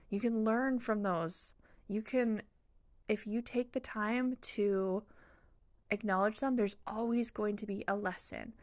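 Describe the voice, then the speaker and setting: A woman's voice: medium pitch, no echo. A woman hosting a motivational podcast, speaking in an earnest, encouraging, faith-filled tone. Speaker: podcast host.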